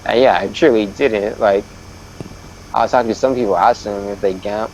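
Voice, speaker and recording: A man's voice: fairly low pitch, brisk, darkish tone, slight background noise, poor audio. A male streamer telling a story in a casual, profane, exasperated rant. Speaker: live streamer. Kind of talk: casual storytelling while gaming.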